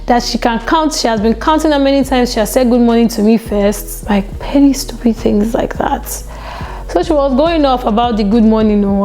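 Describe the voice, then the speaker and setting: A young woman telling a story on her vlog in a chatty, animated way, full of "like" and "you know.". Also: a little high, rough recording. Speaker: vlogger.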